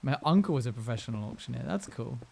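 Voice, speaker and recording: A man's voice: medium pitch, animated, quick pace, vocal fry, a little mellow, slight background noise. A young man live-streaming a game, chatting casually with his viewers in a rambling, self-amused way.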